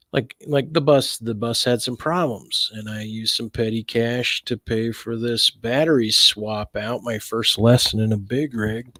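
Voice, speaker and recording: Gravelly, profane rambling man. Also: mid-range voice, a little mellow, no echo. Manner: profane, rambling, self-interrupting storyteller. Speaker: vlogger telling personal stories. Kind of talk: casual rambling monologue.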